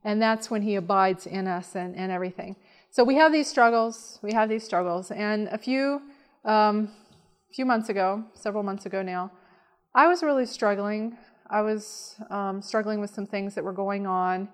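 A woman giving a sermon, telling a personal story in an earnest, conversational way with soft laughs. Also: medium pitch, steady tone, moderate pace. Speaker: speaker.

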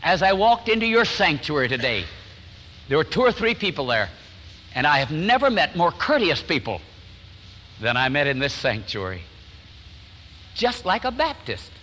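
A man's voice: fairly high pitch, sing-song, moderate pace, long pauses, big-room sound, slight background noise, rough recording. An older man preaching a sermon in a church sanctuary, telling stories and acting out what people said. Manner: warm storytelling, acts out quotes, chuckles often. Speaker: pastor.

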